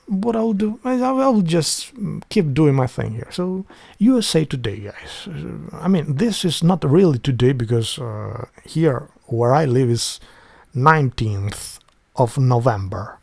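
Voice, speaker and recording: Male streamer, Albanian accent, some vocal fry, loose profane rambling monologue. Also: a little high, expressive, slow, darkish tone. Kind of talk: casual livestream chat.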